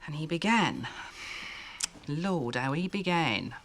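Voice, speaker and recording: An actress playing a tender-hearted older Victorian woman, telling a story in hushed, breathless dialect. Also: sits low, animated, takes it slowly, slight background noise, exaggerated voice. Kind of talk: period TV drama acting.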